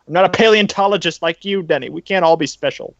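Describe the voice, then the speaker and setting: A man's voice: high-pitched, fast talker, gravelly, a bit bright. A man co-hosting a casual podcast, wry and a little hesitant. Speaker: podcast co-host. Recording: dull dry mic.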